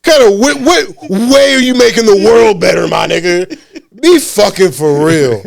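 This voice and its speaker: A man who is a stand-up comedian, talking in a casual podcast chat with animated, profane, laughing riffs. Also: high-pitched, moderate pace, vocal fry, dry recording, studio quality.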